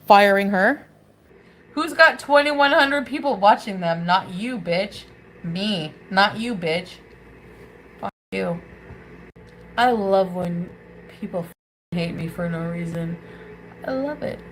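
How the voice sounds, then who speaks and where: Woman ranting on a livestream, crude angry insults, cuts off her swearing, mid-pitched voice. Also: animated, slow pace, pauses often, a little hiss or hum, rough recording.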